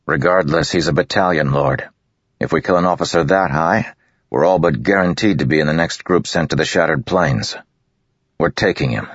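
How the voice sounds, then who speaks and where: A man's voice: a bass voice, moderate pace, husky, no echo, muffled recording. A man voicing a stern young male squad leader who gives clipped, firm orders in a storybook. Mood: commanding.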